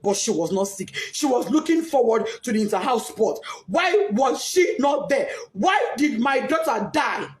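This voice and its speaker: A woman's voice: fairly high pitch, very animated, normal speed, hardly any pauses. A Nigerian woman, a grieving mother, giving a tearful, distraught testimony, pleading and repeating herself in rising outbursts. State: crying, distraught. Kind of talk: emotional testimony.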